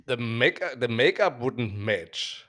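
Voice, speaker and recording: A man with a German accent hosting an interview, enthusiastic and halting, often restarting phrases over a video call. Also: mid-range voice, expressive, a bit bright. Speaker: host. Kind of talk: casual interview chat.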